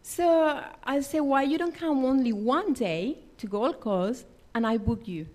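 High-voiced woman giving an earnest sermon. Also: lively intonation, a little slow, darkish tone. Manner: earnest, emphatic, non-native English phrasing. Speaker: lay preacher. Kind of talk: personal testimony sermon. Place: church.

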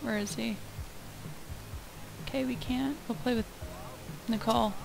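Woman, let's play commentary, excitable outbursts, slow unhurried talk, high voice, soft music behind. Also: vocal fry, rough recording. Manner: excitable, swings into loud outbursts. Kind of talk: casual gameplay commentary.

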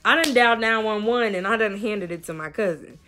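A young woman vlogger telling a lively storytime in casual slang, acting out what people said. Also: mid-range voice, a little fast. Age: young adult. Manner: animated, slangy storytelling with quoted voices. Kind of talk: storytime vlog.

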